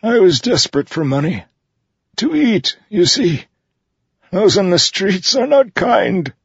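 A man's voice: high-pitched, big pitch swings, slow pace, gravelly, fairly bright tone, husky, dry recording, muffled recording, voice pushed up, heavily acted. A man voicing a trembling old shoemaker. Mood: pleading. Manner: trembling, pleading. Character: frightened old male shoemaker, gentle and pleading.

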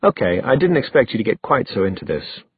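A man's voice: lowish voice, very animated, fairly quick, husky, no room sound, exaggerated voice. A man voicing a bold, teasing young woman in an audiobook, playful and theatrical. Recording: dry, phone-like thin sound.

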